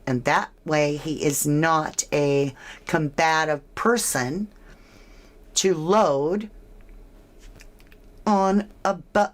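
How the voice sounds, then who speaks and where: A woman's voice: low-pitched, very slow, pauses often. A woman giving casual, speculative true crime commentary, asking her listeners questions as she goes.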